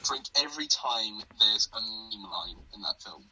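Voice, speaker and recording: Man, podcast guest, casual chat, joking asides, lively pitch, bright tone. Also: measured pace, slight background noise, rough recording.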